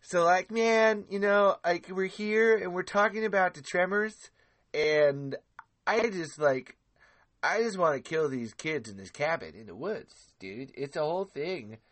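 A man's voice: sits high, a little slow, a bit bright, pitched above the performer's own voice. A man doing an impression of a laid-back, easygoing young stoner who drawls and keeps saying "man" and "dude.".

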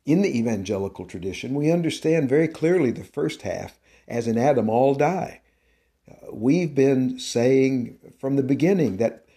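A man giving a devotional teaching talk on his podcast, slow and deliberate, with an emphatic preaching cadence. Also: mid-range voice, dark tone. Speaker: podcast host and Christian teacher.

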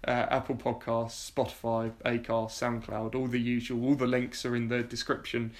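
Man, podcast host, casual, rambling, fillers, mid pitch. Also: completely flat delivery, moderate pace. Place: home sofa, in person with guest.

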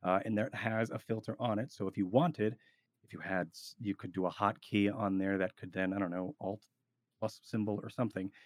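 A man in casual podcast chat giving roleplay advice, rambling and animated, with frequent restarts. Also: lowish voice, fairly quick, no room sound.

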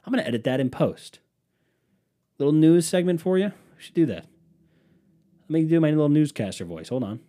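A young man hosting a solo podcast. He rambles casually, swears freely, and pokes fun at himself. His voice has a mellow, darker tone, and his pitch swings widely as he talks. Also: expressive, fairly quick, pauses often. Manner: rambling, profane, self-mocking. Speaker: podcast host.

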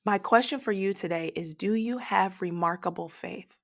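A woman's voice: medium pitch, moderate pace. A woman preaching a devotional podcast sermon, emotional and tearful, praying aloud between her points.

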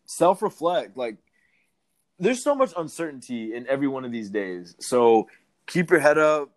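A man's voice: medium pitch, sing-song, moderate pace. A young man co-hosting a podcast, chatting candidly and profanely, laughing often. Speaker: podcast co-host. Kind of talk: casual chat.

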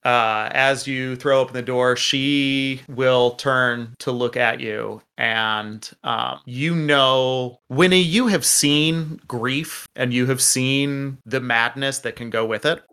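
A man narrating a tabletop game as game master, with many pauses and fillers. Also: medium pitch, fairly even intonation, pushed and bright, clean tone.

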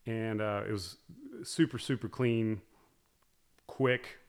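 A middle-aged man in casual conversation, telling a long story with many restarts and soft, trailing asides. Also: fairly low pitch, fairly even intonation, slow pace, smooth. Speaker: guest talking about hunting with his daughters.

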